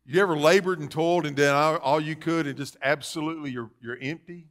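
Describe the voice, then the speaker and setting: A man preaching a sermon as pastor, calling out questions to the congregation and rising to loud, fervent passages. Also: a little high, steady tone, fairly quick. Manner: call-and-response preaching, rising to loud fervor. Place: church sanctuary.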